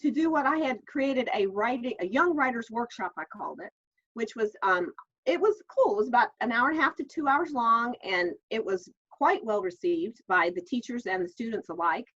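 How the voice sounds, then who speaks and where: A woman's voice: on the high side, animated, moderate pace. A middle-aged woman author telling stories in a casual interview, chatty with many restarts. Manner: chatty, warm storyteller, many fillers and restarts. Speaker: author and guest. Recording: dull lo-fi call audio.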